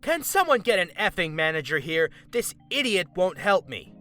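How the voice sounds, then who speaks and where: A man's voice: medium pitch, expressive, a little fast, bright, forceful tone, slightly rough, faint music behind. A man voicing a furious, entitled middle-aged woman shopper who screams indignantly. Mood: shrieking. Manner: shrieking, indignant.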